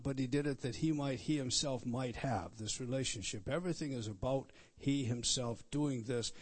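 Emphatic pastor preaching. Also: male voice, mid-range voice. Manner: repetitive, emphatic teaching, pointing out words on a text; restarts and stresses words, rising loud on key points. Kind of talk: expository sermon.

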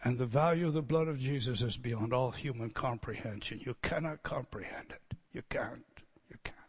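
A man preaching a sermon, earnest and emotional, dropping to quiet tender asides and rising to loud emphatic declarations. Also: mid-range voice, a little fast, breathy edge. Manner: earnest and emotional, moved nearly to tears.

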